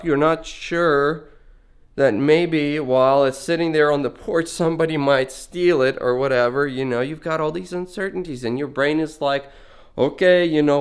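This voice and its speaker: Male vlogger, mid-pitched, earnest, meandering delivery, talking on the move. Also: smooth. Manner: rambling, earnest, conversational; talking while walking around. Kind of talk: casual reflective monologue.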